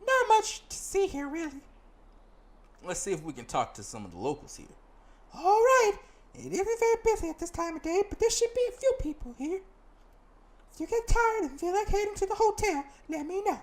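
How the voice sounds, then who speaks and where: A man's voice: big pitch swings, normal speed. A man doing a chirpy, teasing detective partner. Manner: high, sing-song put-on voice.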